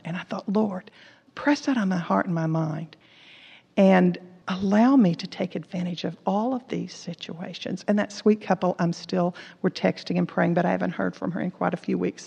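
Here the sermon comes from a woman Bible teacher with a fairly low, gravelly voice, a little mellow and edged with breath. Earnest throughout, she shares personal anecdotes and voices the characters' dialogue herself. The sound is dull lo-fi, echoing around a hall.

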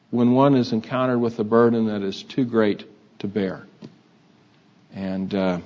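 An older man preaching a sermon, in a halting, conversational way with many fillers. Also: medium pitch, a little mellow. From Texas. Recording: dull lo-fi sound.

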